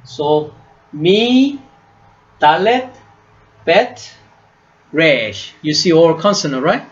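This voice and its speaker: A man teaching a class, speaking slowly, repeating each word and checking "right?" with his students. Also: on the high side, very animated, highs cut off. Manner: slow, repeats words and asks "right?" often. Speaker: Hebrew teacher. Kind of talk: classroom lesson.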